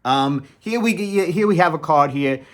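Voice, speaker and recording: A young adult man hosting a comedy channel, rambling in a sarcastic, mock-enthusiastic deadpan sketch. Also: a little high, normal speed.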